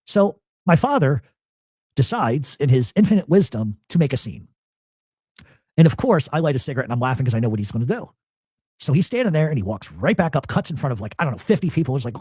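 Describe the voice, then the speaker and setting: A man's voice: fairly high pitch, quick pace, husky, no room sound, studio quality. A man telling a long, profane family story in casual talk, animatedly acting out what people said. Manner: profane, animated, acts out quotes.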